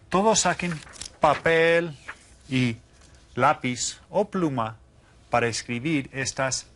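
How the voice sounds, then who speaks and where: A man teaching a recorded lesson to students, spelling words out slowly and patiently, with encouraging questions. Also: mid-range voice, fairly bright tone. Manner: patient, slow enunciation of words. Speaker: Spanish teacher.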